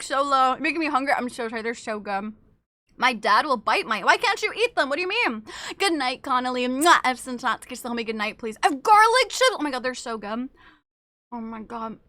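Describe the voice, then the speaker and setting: Bright excitable young woman streamer. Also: high voice, fairly quick, dry recording. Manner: excitable, gushing, swears casually. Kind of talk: casual live-stream chat.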